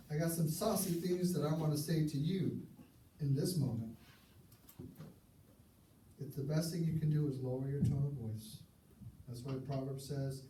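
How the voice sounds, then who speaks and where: A man preaching a sermon, earnest and conversational, sometimes dropping his voice low for emphasis. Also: normal speed, long pauses, mellow. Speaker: pastor. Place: church sanctuary. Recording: echoey church hall, mic at a distance, faint hiss.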